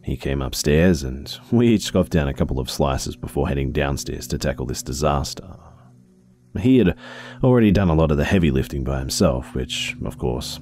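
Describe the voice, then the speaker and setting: Man, story narration, extremely low voice, dark tone, steady pace. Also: moderate pace, faint music behind. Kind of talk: first-person horror story reading.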